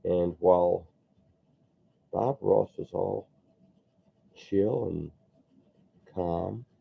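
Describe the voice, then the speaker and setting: A man with a very low, gravelly, husky voice rambles casually to his stream viewers as he works on a sculpture. The audio is thin and tinny, like a phone line. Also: extremely slow. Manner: rambling, chatty, answers viewer comments. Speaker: sculptor streaming while working. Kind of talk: casual live-stream chat while sculpting.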